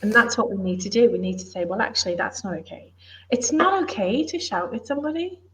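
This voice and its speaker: A woman's voice: medium pitch, very animated, a little fast, a little hiss or hum. A middle-aged woman from the UK, a former police officer and author, talking in an earnest, emphatic, plain-spoken way in a casual interview.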